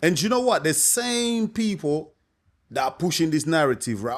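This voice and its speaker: A man's voice: fairly high pitch, animated, moderate pace. A man, a boxing coach giving his opinion to camera in a casual, emphatic way, often asking "you know what I mean". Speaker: boxing coach and channel host.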